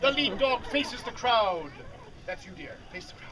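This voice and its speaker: A man's voice: very high-pitched, expressive, measured pace, slight background noise, rough recording. A man performing an outdoor comedy show, bantering and teasing audience volunteers. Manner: bantering, teasing crowd work. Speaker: street performer. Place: outdoor fair stage. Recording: loud crowd outdoors. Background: large crowd.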